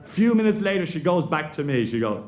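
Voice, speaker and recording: An Irish man doing a live stand-up routine, telling a story with deadpan pauses for laughs. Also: on the high side. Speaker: stand-up comedian. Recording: echoey live venue with loud crowd.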